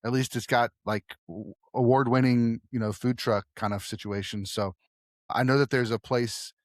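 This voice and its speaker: A man's voice: mid-range voice, steady tone, normal speed, dry recording, studio quality. A man hosting a film podcast, talking casually and rambling, often trailing off and restarting. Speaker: podcast host.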